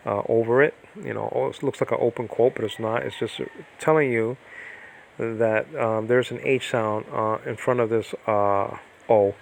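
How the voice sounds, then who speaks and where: A man with a fairly low, gravelly voice teaches biblical Greek on a livestream from the cement-block house he built himself while a typhoon blows outside. The lesson rambles and chats along, wandering into digressions, with ums and restarts filling the gaps.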